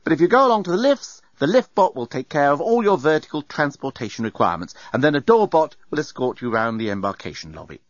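A man's voice: a little high, very animated, fast, hardly any pauses, no echo, pitched above the performer's own voice. A man voicing a brash, laid-back robot bellhop who talks in breezy slang and sulks when scolded. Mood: sulky. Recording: dull, muffled sound.

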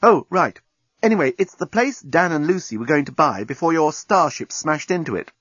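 A man doing an excitable young woman, voice jumping high. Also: normal speed, breathy edge, dry recording. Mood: excited. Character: excitable young woman, eager and quick-tempered. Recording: dull lo-fi recording.

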